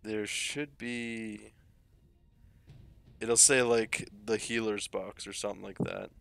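A man's voice: lowish voice, little pitch movement, slow pace, gravelly, fairly bright tone, smooth. A man streaming a game, chatting casually with friends and laughing often. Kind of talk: casual gaming chat.

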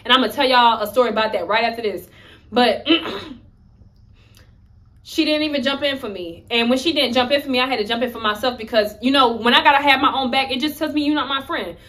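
A woman's voice: sits high, brisk, bright, forceful tone. A young woman vlogger telling a personal story in a candid, emphatic, conversational way. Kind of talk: story-time vlog.

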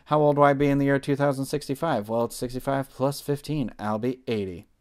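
A man's voice: mid-range voice, steady tone, a little fast, a little mellow, clear, resonant tone. A man in his thirties giving a casual, enthusiastic book review, rambling with lots of fillers and restarts. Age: 30s. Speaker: book club vlogger.

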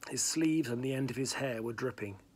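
A man's voice: mid-range voice, a little fast, a little mellow, husky. A man reading a novel aloud in plain narration, with small slips and restarts. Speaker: reader.

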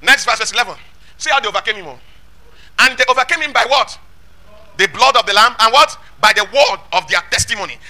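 A man preaching, his voice very high and ringing bright. He swings up and down in pitch, and he presses each point home with rhetorical questions and shouted scripture. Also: expressive, fast talker. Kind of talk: sermon.

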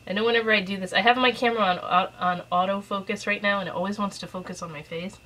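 Bright-voiced chatty woman vlogger. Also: mid-range voice, fairly even intonation, fast, few pauses, low-quality recording. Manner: chatty and rambling, with fillers. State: out of breath; mildly stuffed up. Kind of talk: casual unboxing chat. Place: at home. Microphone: camera resting on a shelf.

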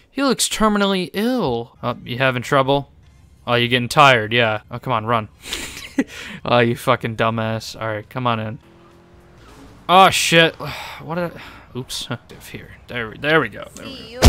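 A young man talking excitedly over his gameplay, joking sarcastically, swearing and laughing often. His voice is bright and forceful, with a crisp, clean tone. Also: mid-range voice, normal speed. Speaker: gaming YouTuber. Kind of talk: gaming commentary.

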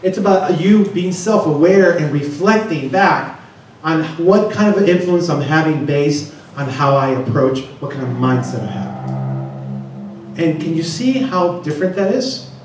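A man's voice: on the high side, animated, measured pace, a little hiss or hum. A man giving a seminar talk to an audience, often putting questions to the room. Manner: asks the audience many questions. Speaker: conference speaker. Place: large conference room. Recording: echoey room, distant mic.

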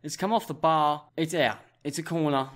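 A young Australian man commentating his football management game, with excitable play-by-play. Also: a little high, moderate pace. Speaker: gaming YouTuber.

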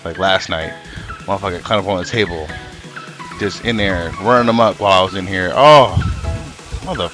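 A man streaming live as a comic artist, telling a rambling, profane, animated story while he paints. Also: low voice, normal speed, long pauses, over music. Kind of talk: casual storytelling on a livestream.

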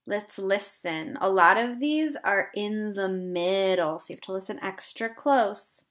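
A woman teaching a kindergarten phonics lesson, sounding out short words deliberately and drawing them out for young children. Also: medium pitch, fairly bright tone.

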